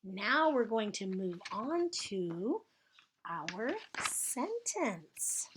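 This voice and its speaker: A woman teacher giving slow spelling dictation to young children, stretching out sounds and cheering them on. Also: mid-range voice, sing-song, noisy background.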